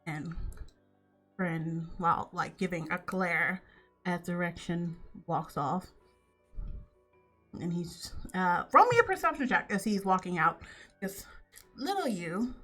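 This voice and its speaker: A woman's voice: lowish voice, expressive, unhurried, long pauses, fairly bright tone, faint music behind. A woman narrating a tabletop game as game master, slipping into character voices for the quoted lines.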